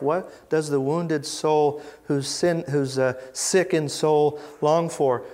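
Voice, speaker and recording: A man giving an informal Bible teaching, conversational and reflective, with pauses and restarts as he reads verses aloud. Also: a little high, steady tone, a little mellow. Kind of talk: informal teaching talk with scripture readings.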